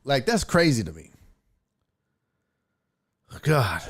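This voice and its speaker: A man's voice: medium pitch, big pitch swings, slow pace, slightly rough. A man hosting a live stream, telling a story in a profane, ranting, casual way. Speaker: host.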